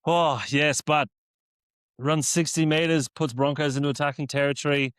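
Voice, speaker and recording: A man's voice: on the high side, flat delivery, moderate pace, a bit bright, smooth, dry recording. Aussie guy on a footy podcast, reads out the plays then swears about them, dry close mic. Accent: Australian. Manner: laughing, sweary, recaps play by play. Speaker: podcast co-host. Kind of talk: casual sports chat. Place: studio.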